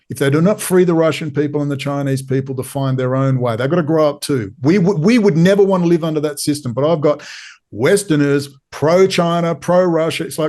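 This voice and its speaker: A man's voice: a little high, a little mellow. A man with an Australian accent, a podcast guest, talking in an urgent, pleading way and hammering points home through repetition. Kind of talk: impassioned interview talk.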